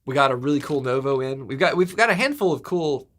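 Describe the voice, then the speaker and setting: A man in his thirties with a stuffy nose, co-hosting a guitar shop livestream in a relaxed, rambling way. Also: mid-range voice, fast. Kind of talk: casual chat.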